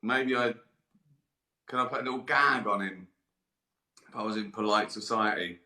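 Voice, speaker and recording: A man hosting a live stream, rambling through a comic monologue with swearing, deadpan asides and frequent giggles, sounding hot and tired. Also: lowish voice, moderate pace. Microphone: live-stream camera mic. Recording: roomy echo.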